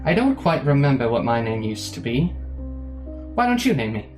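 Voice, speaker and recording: A man's voice: medium pitch, big pitch swings, normal speed, music in the background, natural voice. A man voicing a chatty magic glass orb in a tabletop game, polite and inquisitive. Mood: musing.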